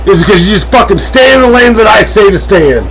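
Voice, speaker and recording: A man streaming a strategy game live, ranting, swearing and yelling at an in-game character. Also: sits high, lively intonation, fast talker, soft background music, rough recording. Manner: yells and swears at an in-game advisor; hotheaded, profane, joking rants.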